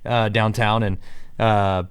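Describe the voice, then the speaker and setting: A man's voice: on the low side, level tone, slow pace, smooth. A man co-hosting a podcast, rambling through a story with fillers and laughs in a casual chat. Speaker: podcast co-host.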